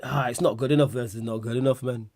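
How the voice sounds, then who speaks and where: A man's voice: medium pitch, steady tone, fast talker, darkish tone. A man hosting a casual livestream chat, laughing a lot, swearing and using slang while answering viewer questions.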